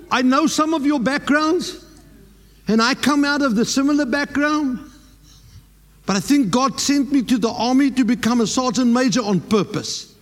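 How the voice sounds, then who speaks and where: A man's voice: extremely high pitch, a bit bright, in a large hall. A South African man preaching a sermon as pastor, emphatic and dropping in Afrikaans words.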